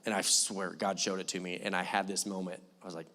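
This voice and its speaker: A young male pastor giving a sermon in a church, telling a story in an animated, joking manner. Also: low voice, fast, big-room sound. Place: church hall.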